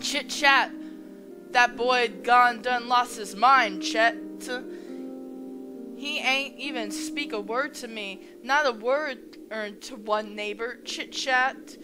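A woman's voice: a little high, slow pace, music in the background, pitched above the performer's own voice. A woman voicing a jittery, hungry talking pet bird that chatters and speaks in a folksy drawl. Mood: gossipy.

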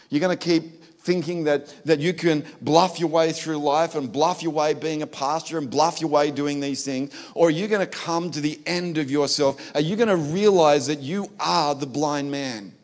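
A frank, patient God speaking bluntly and conversationally, as an Australian man voices Him in his sermon. The voice sits a little high for a man and presses hard questions without pomp. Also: normal speed, natural voice. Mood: challenging.

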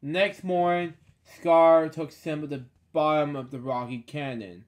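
A man reading a children's storybook aloud, stumbling over words and dropping sarcastic deadpan asides. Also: a little high, unhurried, hardly any pauses.

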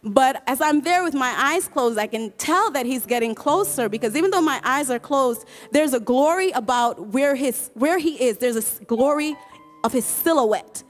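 A woman with a high, light voice tells her church testimony in an earnest, emotional way. She stumbles, repeats herself and laughs as she goes. Soft worship music plays faintly behind her. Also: lively intonation. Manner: halting, repeats and restarts words, laughs often. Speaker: choir member giving a testimony. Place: church service.

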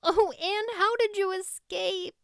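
A woman voicing a frantic teenage girl who gasps out her words loudly in tearful relief. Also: extremely high pitch, steady tone, slow pace, creaky, no echo, studio quality, pitched above the performer's own voice, heavily acted. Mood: frantic, relieved. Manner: gasping, loud and tearful.

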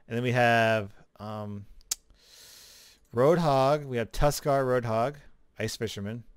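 A man giving casual, chatty commentary as a gaming video creator, relaxed, with small laughs. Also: medium pitch, slow, long pauses, clear, resonant tone, no room sound, clean studio sound. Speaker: gaming YouTuber. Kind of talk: casual commentary over gameplay.

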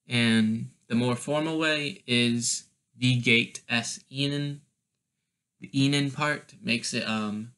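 A man's voice: mid-range voice, bright, forceful tone. A man teaching a casual language lesson, explaining step by step with a hesitant delivery and many fillers.

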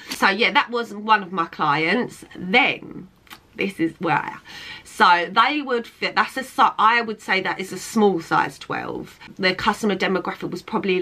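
Bright-toned chatty young woman. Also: medium pitch, rough recording. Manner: chatty, filler-heavy, with frequent "like" and restarts. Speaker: fittings model and vlogger. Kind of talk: casual talking-head vlog.

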